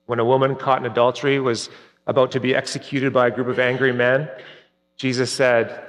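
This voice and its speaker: A man preaching a sermon earnestly, rising for emphasis and dropping soft at key points. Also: mid-range voice, steady tone, brisk. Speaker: pastor. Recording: long reverb, hall-like.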